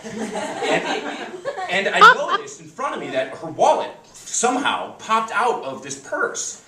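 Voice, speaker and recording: Rambling young comic in a roomy club. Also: male voice, extremely high pitch, huge pitch swings, unhurried, creaky, over a noisy crowd. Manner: conversational, rambling with many "like" and "you know" fillers. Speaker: stand-up comedian. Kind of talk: stand-up routine. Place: small comedy club in New York. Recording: roomy club sound, voice a bit far from the mic, audience laughter. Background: audience laughter.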